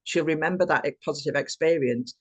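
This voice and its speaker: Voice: medium pitch, fairly quick, a bit bright, breathy edge. A podcast co-host with a mid-range voice reflects aloud in an encouraging way. The speech is loosely structured and often ends on rhetorical tag questions that invite agreement. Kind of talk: supportive conversational reflection.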